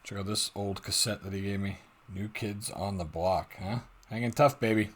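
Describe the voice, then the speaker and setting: Low-voiced casual American reactor. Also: male voice, moderate pace, background noise. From United States. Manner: casual, joking, self-deprecating. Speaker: reaction video host.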